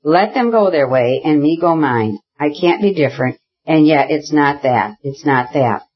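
A reader voicing Kitty, a proud young woman who speaks in impassioned, insistent bursts, with a husky voice. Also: medium pitch, lively intonation, moderate pace, dull audio, close to an everyday voice. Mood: furious. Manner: impassioned, insistent, repeating herself. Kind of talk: audiobook character reading.

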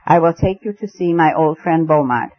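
A man reading aloud as a calm retired judge who speaks in a low, measured, placid way. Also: no echo, lightly acted. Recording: muffled lo-fi recording.

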